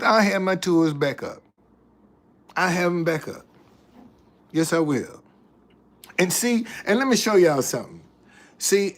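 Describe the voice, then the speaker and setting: A man who works as a tour guide, telling stories to the camera in a casual, animated way and often repeating or restarting his phrases. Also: high voice.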